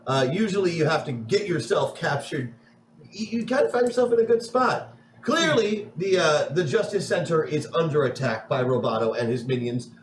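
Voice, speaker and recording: A man's voice: fairly high pitch, echoey room, a little hiss or hum, low-quality recording. A man narrating a tabletop game as game master in a playful, rambling way.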